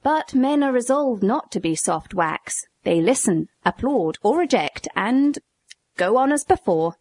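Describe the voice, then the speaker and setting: Brief: woman audiobook narrator, breathy voice, animated dialogue reading, dry close recording. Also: on the high side, unhurried, no echo. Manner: lively, theatrical reading with raised questioning tones. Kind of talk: narrating a classic essay as dialogue.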